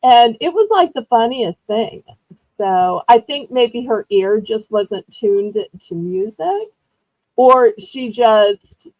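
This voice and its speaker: A woman's voice: mid-range voice, dry recording, dull audio. A woman hosts a live online auction in a rambling, chatty storytelling way, laughing often. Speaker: live-stream auction host. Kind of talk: casual live-stream selling chat.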